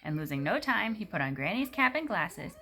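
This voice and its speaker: A woman reading a children's storybook aloud, playful and animated, with a slight gravelly edge. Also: lowish voice, fairly quick. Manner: animated, playful voices for characters.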